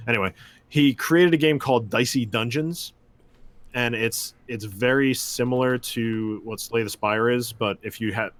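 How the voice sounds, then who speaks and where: A man co-hosting a gaming podcast, describing games in a measured way with hesitant fillers. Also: mid-range voice. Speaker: podcast co-host. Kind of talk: casual gaming chat.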